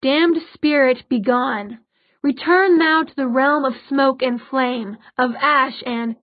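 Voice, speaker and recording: A woman's voice: high voice, takes it slowly, no echo. Irritable, clipped male warlock, read by a woman; dry, narrow sound. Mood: commanding.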